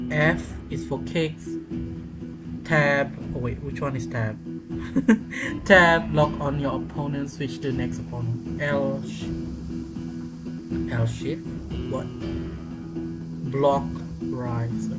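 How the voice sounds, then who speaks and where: A gamer commentating on play, reading tutorial prompts and shouting in exasperation. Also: mid-range voice, rough recording. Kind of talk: gameplay commentary.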